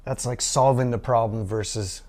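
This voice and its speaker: A man's voice: medium pitch, steady tone, moderate pace, darkish tone. A man hosting a podcast from his drum studio, reflecting back on what his guest said in an enthusiastic, think-aloud way. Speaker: podcast host. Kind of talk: casual interview chat.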